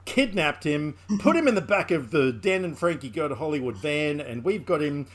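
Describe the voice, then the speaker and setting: A man's voice: a little high, lively intonation, moderate pace. A man hosting a podcast in casual chat, joking and rambling and laughing often. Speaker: podcast host.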